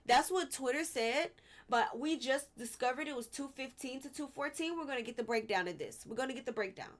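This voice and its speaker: A woman's voice: high voice, lively intonation, brisk. A woman hosting a casual commentary vlog, exasperated and rambling, with frequent restarts and apologetic asides. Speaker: vlog host.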